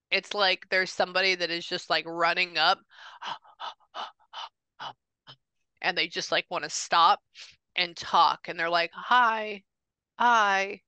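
A woman working as a psychic medium, talking casually with a client over a video call, chatty, with quick restarts and repeated phrases. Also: fairly low pitch, sharp tone, clean tone, no echo. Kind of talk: casual reading session with a client.

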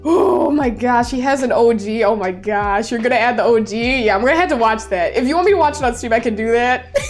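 A woman's voice: fairly high pitch, lively intonation, moderate pace, faint music behind. A young woman in her twenties streaming and reading viewer messages aloud in a bubbly, gushing way. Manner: bubbly, gushing, squeals and laughs. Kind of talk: casual livestream chat, reading viewer messages.

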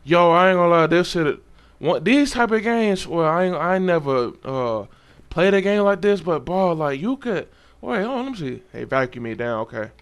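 Young male gamer, casual cursing commentary, pitch jumping all over. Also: moderate pace, smooth. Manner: loose, profane, excitable slang.

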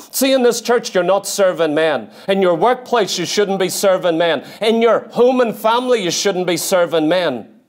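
A man preaching a sermon in a church, emphatic, repeating key phrases and slowing down to read scripture. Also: high-pitched.

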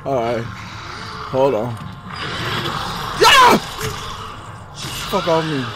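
A man streaming a game live, chatting casually with viewers in slang and swinging from low muttering to loud outbursts. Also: unhurried, heavy background noise. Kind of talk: live gameplay commentary.

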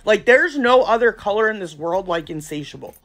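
A woman's voice: mid-range voice, lively intonation, fairly quick, a bit bright. A woman nail artist and brand ambassador chatting casually to her viewers, rambling, slangy and outspoken. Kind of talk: casual vlog chat to viewers.

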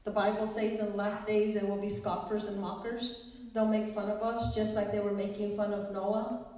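In a church sanctuary, a woman pastor preaches a sermon, quoting scripture in an earnest, storytelling manner. Her medium-pitched voice has a darkish tone and sounds distant in an echoey hall.

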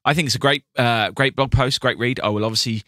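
A man's voice: medium pitch, fast, pushed and bright, no echo, clean studio sound. A British man co-hosting a podcast, chatting casually with frequent restarts. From Britain. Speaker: podcast co-host. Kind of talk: casual chat.

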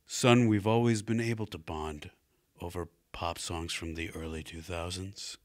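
A man who is a comedian guest on a podcast, telling stories in a relaxed, wry way. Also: deep voice, a little slow. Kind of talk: casual comedy podcast chat.

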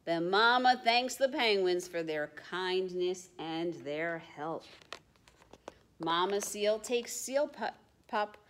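A woman librarian reading picture books and rhymes aloud to young children, in a sing-song, expressive way that sometimes drops to a hush. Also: on the low side, slow pace, a little hiss or hum. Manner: expressive sing-song rhyming, dropping to hushed asides. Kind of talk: children's storytime read-aloud.

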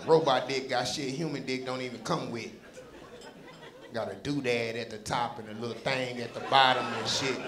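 A man from Dallas doing profane, animated stand-up storytelling on a comedy club stage into a handheld mic. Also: mid-range voice, moderate pace. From Dallas, Texas. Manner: profane, animated, punchy delivery. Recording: echoey club with crowd noise.

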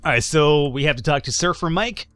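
A man's voice: on the high side, a little fast, fairly bright tone, soft background music. A man casually commentating a game he plays, chatty and joking, reading dialogue in voices. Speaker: gaming YouTuber. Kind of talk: let's play commentary.

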